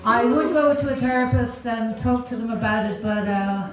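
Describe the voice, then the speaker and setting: A woman's voice: a little high, steady tone, normal speed, very echoey, far from the mic, rough recording. Wry Irish woman doing stand-up. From Ireland. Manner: self-deprecating, wry, chuckles through punchlines. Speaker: stand-up comedian. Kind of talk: stand-up comedy set. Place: comedy club stage.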